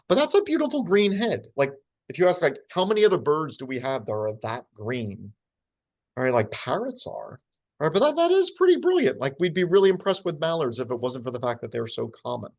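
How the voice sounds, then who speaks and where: Talky birding guy, lots of ums and asides, dull lo-fi recording. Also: mid-range voice. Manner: chatty, many fillers and asides. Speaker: birding lecturer. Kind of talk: casual slide talk on birds. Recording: dull lo-fi sound.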